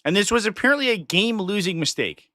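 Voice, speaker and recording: A man's voice: sits high, animated, fast, sharp tone, no echo, clean studio sound. A man hosting a live stream, talking in a chatty, opinionated way and offering casual commentary. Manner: chatty and opinionated, slips into mock voices of others.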